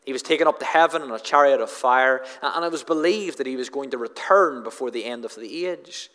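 A man's voice: mid-range voice, brisk, fairly bright tone. A man preaching an expository sermon in an earnest manner, often repeating words as he drives home a point. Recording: long hall reverb.

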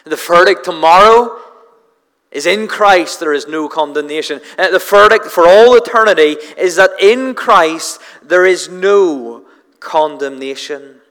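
A man's voice: high voice, unhurried, a bit bright, long reverb tail. A man preaching a sermon, earnest and emphatic, building on repeated refrains and restarting phrases as he presses a point.

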